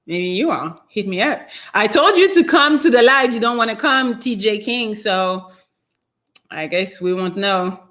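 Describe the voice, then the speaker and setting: A woman's voice: mid-range voice, lively intonation, unhurried, a bit bright. A French-accented woman hosting a casual live stream, chatting and reading out viewer comments in a meandering way. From France. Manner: chatty and meandering, trails off with fillers.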